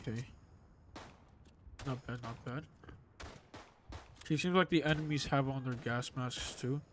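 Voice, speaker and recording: A young man giving excitable gameplay commentary, exclaiming and swearing under his breath. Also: medium pitch, unhurried, background noise. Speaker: gamer. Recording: game gunfire and beeps behind.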